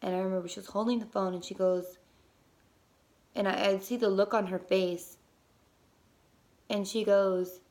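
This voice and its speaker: A young woman casually telling a personal story as a mother, lively, with many fillers and casual swearing. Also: mid-range voice, moderate pace, long pauses.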